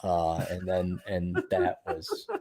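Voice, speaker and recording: A man's voice: low-pitched, flat delivery, takes it slowly, warm tone. A man co-hosting a podcast in blunt, profane casual chat. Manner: blunt, profane, mocking impressions. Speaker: podcast co-host.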